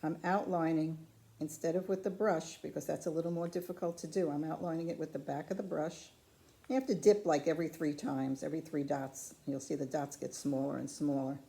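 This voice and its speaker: Low gravelly woman teaching ceramic painting. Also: brisk. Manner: calm, patient, chatty instruction. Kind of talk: step-by-step craft demonstration. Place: craft studio.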